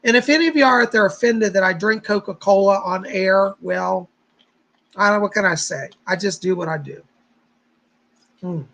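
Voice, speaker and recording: A man's voice: high voice, normal speed, gravelly, pushed and bright, rough recording. A man hosting a psychic livestream who chats casually with viewers, greets them by name, leads a guided meditation and gives readings.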